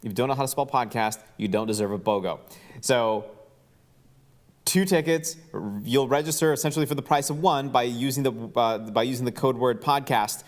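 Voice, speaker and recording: A man's voice: medium pitch, brisk. Loose, jokey male podcast host. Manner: jokey, loose, lots of fillers. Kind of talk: casual podcast hosting.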